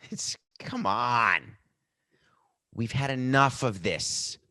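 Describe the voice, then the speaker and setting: A middle-aged sports podcast host with a mid-range voice speaks very slowly, launching into sarcastic, animated rants that mock others' statements with pretend quotes. Recorded on a studio mic with an earpiece in a dry room with no echo, it's opinionated sports commentary.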